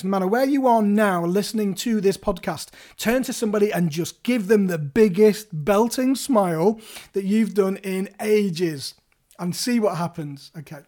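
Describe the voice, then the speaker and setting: A man's voice: high voice, darkish tone. A man hosting his own podcast, talking listeners through negotiating skills in a playful, chatty way that speaks straight to them. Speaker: podcast host. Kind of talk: solo podcast coaching talk.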